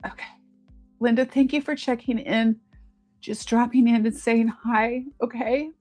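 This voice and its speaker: A fairly high-voiced woman running a live jewelry auction, keeping up a chatty, upbeat patter and calling bids to her viewers. Soft music plays faintly behind her. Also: steady tone, unhurried. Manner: chatty, upbeat, addresses viewers as "you guys". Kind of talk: live-stream selling chat.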